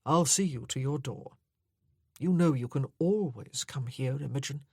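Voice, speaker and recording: A woman voicing a calm, gentle gentleman who speaks softly. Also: rumbling low, a little slow, husky, no room sound, studio quality, full character voice. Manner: calm and soft-spoken.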